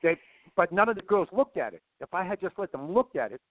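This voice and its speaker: A middle-aged man with a somewhat high voice rambles through a long story, repeating himself and hopping between asides. He comes through a thin, tinny phone-like line. The sound is dry and close. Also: sing-song, fast talker, dry recording. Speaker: guest. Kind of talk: casual storytelling.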